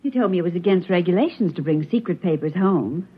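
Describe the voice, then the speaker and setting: A gentle mother who fusses and soothes. Her voice is a little husky and moves lively in pitch. The old radio recording sounds dull and lo-fi. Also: fast. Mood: alarmed. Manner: soothing, fretful. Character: gentle, fretful young mother. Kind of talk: 1940s radio acting.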